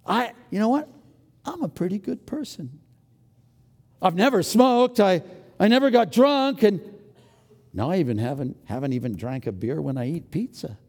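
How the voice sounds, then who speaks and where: A man preaching a sermon as a pastor, swinging between loud exclamations and hushed, near-whispered lines as he acts out his own thoughts. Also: high voice, very animated, moderate pace, pauses often, breathy edge, big-room sound. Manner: dramatic swings from loud to hushed, acting out inner voices.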